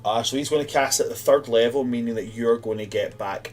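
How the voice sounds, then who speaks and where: A man's voice: mid-range voice, a little fast, hardly any pauses, a little mellow, soft background music. A man narrating and running a tabletop fantasy game as game master, rambling casually with lots of fillers.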